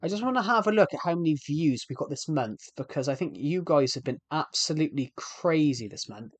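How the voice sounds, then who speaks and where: A man casually narrates his game for viewers in a slightly higher voice. He rambles and trips over his sentences. The sound is close and dry. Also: lively intonation, brisk, dry recording. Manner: rambling, frequent restarts, chatty with viewers. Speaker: streamer. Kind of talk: casual live game commentary.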